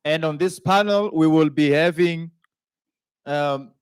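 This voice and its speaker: A male master of ceremonies at a summit with a fairly high voice, heard close and dry. He chats and jokes with the room as he introduces the next panel, stumbling over the guests' names. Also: slow, clear, resonant tone, no echo. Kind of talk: event hosting, introducing a panel. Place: conference hall.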